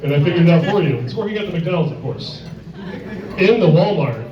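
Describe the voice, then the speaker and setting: A man's voice: on the high side, animated, fairly quick. A man doing a stand-up comedy set in a sports bar, crude and rambling, full of filler words. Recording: echoey bar, distant dull mic, crowd.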